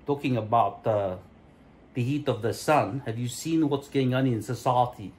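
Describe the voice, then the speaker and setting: A mid-range, darkish male voice at normal speed comes through a rough recording. Speaking to a phone camera fixed to a mirror indoors at home, he vlogs a solo rant that wanders through tangents, swearing, and mock-offensive jokes.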